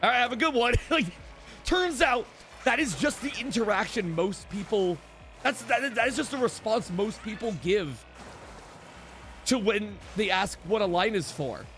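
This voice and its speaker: Young streamer guy, pretty high voice, rambly story full of likes, soft music in the back. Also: lively intonation, a little slow. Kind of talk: casual storytelling to stream chat.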